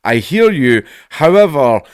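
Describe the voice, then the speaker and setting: A man's voice: a little high, very animated, measured pace, clean tone, dry recording, clean studio sound. Sarcastic, swearing Scottish commentator man. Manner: sarcastic, profane, laughing asides.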